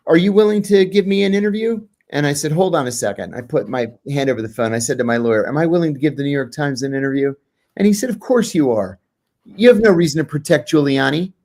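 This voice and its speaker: Animated middle-aged man telling a story. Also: fast. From United States. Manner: animated, acts out quoted dialogue with sudden pitch jumps. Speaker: guest, former intelligence officer. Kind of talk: casual storytelling in an interview.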